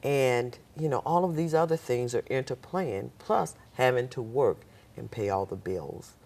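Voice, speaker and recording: A nurse appearing as a talk show guest shares a personal story in an unusually deep, gravelly, creaky voice. She tells it unhurriedly but with liveliness, acting out the people involved.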